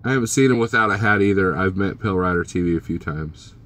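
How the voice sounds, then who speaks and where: A man's voice: sits low, fast, a bit bright. A man vlogging as a truck driver, casually chatting and joking with his live-stream viewers and teasing them by name.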